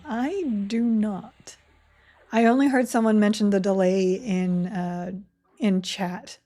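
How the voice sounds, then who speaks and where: Slow-talking giggly woman streamer. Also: medium pitch, warm tone. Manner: chatty, giggly, reads chat aloud. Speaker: game streamer. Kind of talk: casual live-stream chat while playing.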